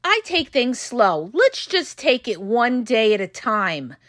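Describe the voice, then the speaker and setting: A woman podcast host and relationship coach giving blunt, profane advice straight to her listeners, her voice going hoarse. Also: fairly high pitch, very animated, takes it slowly, a bit bright, no echo, studio quality. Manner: frank, profane, emphatic, addresses listeners as "you guys". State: losing her voice.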